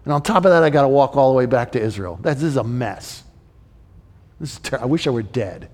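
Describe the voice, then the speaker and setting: A man's voice: mid-range voice, animated, brisk, darkish tone, lightly acted. A man voicing a miserable prophet, muttering complaints to himself in a grumbling, self-pitying way. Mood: sulking. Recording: long hall reverb.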